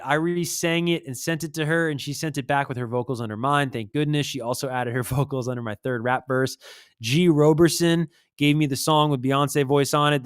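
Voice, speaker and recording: A man's voice: medium pitch, clear, resonant tone, no echo, clean studio sound. A man hosting a casual music livestream, reading posts aloud and adding wry asides.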